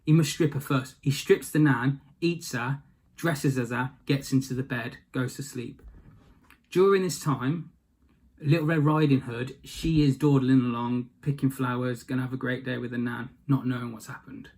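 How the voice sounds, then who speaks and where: A man retelling a fairy tale in a casual comic style, with deadpan asides and rambling detours. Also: medium pitch, normal speed, husky. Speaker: storyteller.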